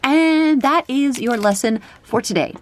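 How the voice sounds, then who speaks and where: A young woman chatting casually while unboxing trading cards, her voice jumping up into high squeals over the cute art. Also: animated, unhurried, a little hiss or hum. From country using kilograms. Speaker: card collector vlogger. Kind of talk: casual card unboxing chat.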